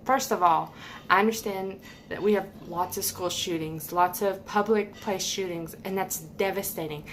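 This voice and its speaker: A woman's voice: medium pitch, normal speed, slight background noise. A woman giving a heated, emphatic opinion rant to camera, repeating points for stress. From United States. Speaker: vlogger.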